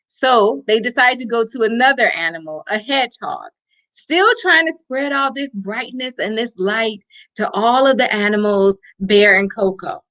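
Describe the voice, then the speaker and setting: A middle-aged woman reading a picture book aloud to children, slow and expressive, pointing out the pictures. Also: fairly high pitch. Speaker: storyteller.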